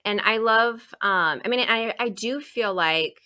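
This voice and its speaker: A woman hosting an interview, talking in a lively, animated way with lots of fillers and restarts. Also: on the high side, unhurried. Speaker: podcast host. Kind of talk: casual interview chat.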